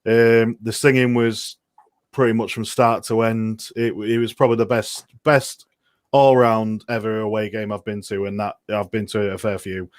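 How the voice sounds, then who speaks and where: A man's voice: on the low side, little pitch movement, normal speed, no echo, studio quality. A man in a casual podcast chat, enthusiastically recalling an away match as a fan.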